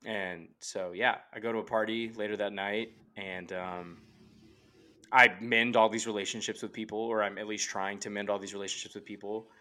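A podcast guest in his late twenties tells a rambling, earnest personal story, leaning heavily on "like" fillers in casual storytelling. His lowish voice is bright and forceful, with a steady tone at normal speed, captured on a remote call microphone.

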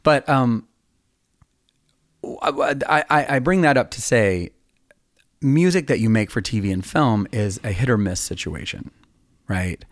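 A man's voice: mid-range voice, unhurried, long pauses, no room sound, clean studio sound. A man in his fifties, a songwriter hosting a podcast, telling long rambling stories in a casual, self-deprecating way. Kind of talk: casual storytelling chat.

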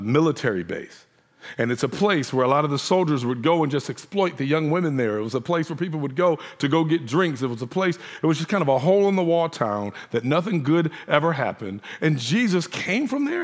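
A man preaching a sermon in a conversational way, acting out the voices of the people he quotes. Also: on the high side. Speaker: pastor.

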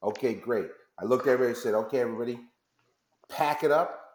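A man's voice: mid-range voice, fast, a little mellow, reverberant. A man telling a long story as a guest on a radio interview, acting out the back-and-forth of phone calls. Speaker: company founder as guest. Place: radio studio.

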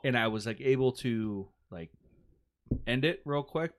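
A man's voice: medium pitch, animated, a little slow. A man co-hosting a podcast in casual chat, laid-back and jokey, swearing freely as he tells stories. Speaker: podcast co-host.

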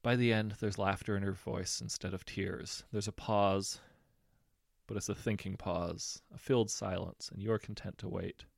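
A man narrating a second-person story in a measured, intimate way. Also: lowish voice, steady tone, creaky, dry recording, studio quality.

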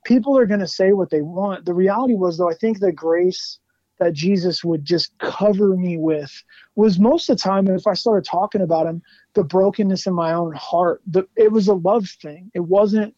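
A man guesting on an interview show, telling animated stories in a casual chat, laughing often and saying "like" a lot. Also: sits high, normal speed, no room sound, lo-fi sound. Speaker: guest musician.

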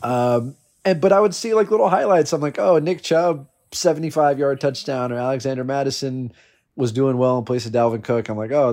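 Brief: man, mid-pitched, lively storyteller among friends, swears freely. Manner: animated storytelling, swears, laughs often. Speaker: fantasy football league member. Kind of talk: casual chat.

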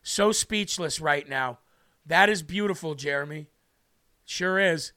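High-voiced man preaching slowly, near tears. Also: bright, forceful tone. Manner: fervent, slow and emphatic, repeats words for stress. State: tearful, moved. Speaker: livestream host. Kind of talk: impassioned livestream preaching.

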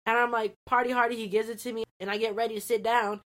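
Young woman podcast co-host, casual storyteller, swears a lot and gets animated. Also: a little high, quick pace.

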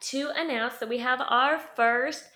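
A woman's voice: sits high, a little slow, bright, forceful tone. A young woman co-hosting a podcast in casual chat, teasing and laughing with her friend. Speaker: podcast co-host.

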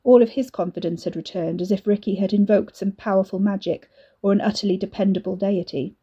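A woman narrates a dark story in a steady, measured way. Her voice is warm and mellow, with a breathy, husky quality. The recording sounds dull and lo-fi. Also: medium pitch.

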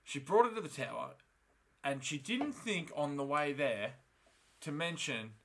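A man's voice: fairly high pitch, lively intonation, a little slow, fairly bright tone, slight background noise. A man co-hosting a podcast, recapping a TV episode in casual, profanity-laced chat and acting out the characters' lines. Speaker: podcast co-host.

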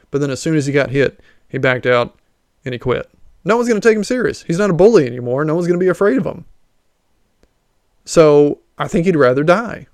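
A man talks through his thoughts alone on a show, rambling and restarting as he goes. His voice is smooth and resonant at an ordinary pitch. It is recorded close and dry, with no room sound. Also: dry recording. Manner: rambling, with many fillers and restarts. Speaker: podcast host. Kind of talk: casual solo commentary.

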